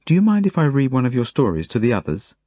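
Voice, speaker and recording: Kindly grown-up caretaker, soft and soothing, read by a man. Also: mid-range voice, wildly swooping pitch, fast talker, no echo, voice pushed up. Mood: gentle. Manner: gentle, soothing. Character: kind gentle grown man caring for orphans. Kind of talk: audiobook reading.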